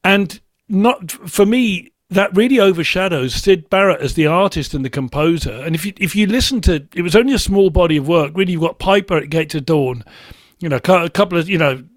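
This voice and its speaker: High-voiced man talking thoughtfully. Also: expressive, a little fast, no room sound. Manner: thoughtful, restarts sentences often; enthusiastic about music. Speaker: musician guest. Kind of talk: casual interview talk.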